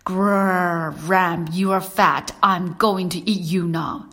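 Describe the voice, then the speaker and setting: Lady doing a growly hungry coyote for a kids story, slow and gruff. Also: on the low side, steady tone, sharp tone, full character voice. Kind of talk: children's story reading.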